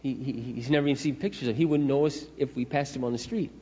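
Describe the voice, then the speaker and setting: Middle-aged male pastor, conversational storytelling sermon, mid-pitched, recorded in a reverberant hall. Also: fast talker, mellow. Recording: echoey hall, dull lo-fi sound.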